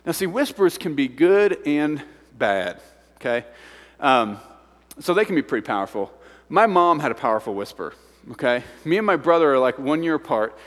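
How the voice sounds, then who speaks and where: A man preaching a sermon to a congregation. He acts out voices and swings from excited shouts down to hushed whispers. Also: fairly high pitch, moderate pace, in a large hall. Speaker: pastor. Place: large church hall.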